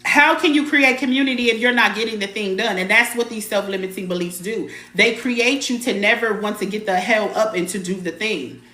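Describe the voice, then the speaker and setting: Brisk and with few pauses, a woman's mid-range voice sounds pushed and bright against a reverberant room as she hosts a live spiritual stream. She is casual, blunt and emphatic, swearing mildly, greeting viewers by name and repeating her phrases to make her points.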